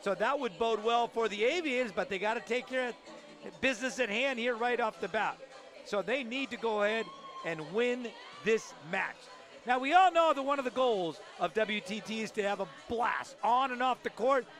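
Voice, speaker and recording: A man's voice: very high voice, moderate pace, a bit bright, soft background music. A man doing play-by-play for a tennis broadcast, talking energetically and emphatically and sometimes restarting his sentences. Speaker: play-by-play commentator.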